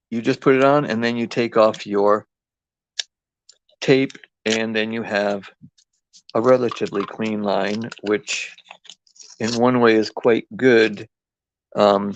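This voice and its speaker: East Coast male craft host, lowish voice, rambling live chat, dry booth-like sound. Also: vocal fry, no room sound. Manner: rambling, chatty, full of ums and restarts. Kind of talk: casual live craft demo.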